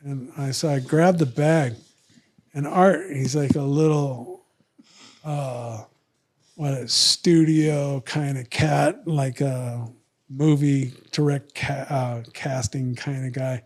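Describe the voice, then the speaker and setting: An older man telling a long, rambling story as a podcast guest, jumping into the voices of the people in it and trailing off quietly at the ends of asides. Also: mid-range voice, fairly even intonation, takes it slowly. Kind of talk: casual storytelling.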